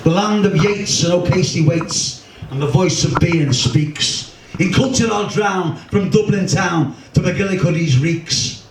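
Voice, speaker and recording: A man's voice: high voice, unhurried. A man with a Liverpool accent performing his own rhyming comic poems for a live audience in a pub. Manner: rhythmic, rhyming delivery with wry humour. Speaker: poet and performer. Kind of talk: live comic poetry recital. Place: pub function room. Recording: echoey room, distant mic, faint hum.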